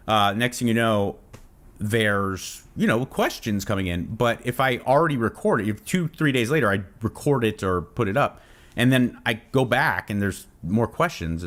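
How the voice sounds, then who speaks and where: A man's voice: fairly low pitch, a bit bright. A man from Southern California hosting his own channel, chatting casually to camera and rambling off on tangents. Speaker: fitness channel host.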